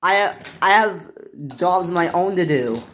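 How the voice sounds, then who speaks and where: A woman's voice: fairly low pitch, animated, fairly bright tone. A woman voicing a busy male toy engine who apologizes that he cannot help. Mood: apologetic. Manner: apologetic, hurried.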